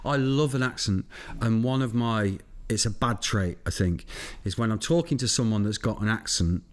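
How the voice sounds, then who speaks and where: A man's voice: lowish voice, normal speed. Joking, blunt man on a podcast. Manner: jokey, blunt, swears freely. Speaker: podcast guest, food presenter. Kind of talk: casual chat.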